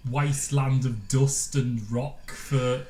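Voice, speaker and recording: A man's voice: mid-range voice, little pitch movement, takes it slowly, dark tone, slight background noise. A man co-hosting a comedic radio show, playful and game for jokes. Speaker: radio co-host.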